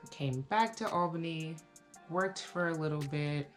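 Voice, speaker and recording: A woman in her thirties giving a casual, reflective life update to camera, talking slowly with many fillers. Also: sits low, music in the background. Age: 30s. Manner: relaxed, reflective, with frequent fillers. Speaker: vlogger.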